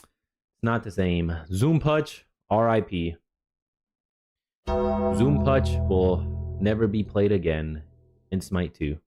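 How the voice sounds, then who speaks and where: A jet-lagged male streamer giving relaxed, rambling reaction commentary with chatty asides. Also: sits low, slow pace, pauses often, loud music behind the voice. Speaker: streamer reviewing a developer stream.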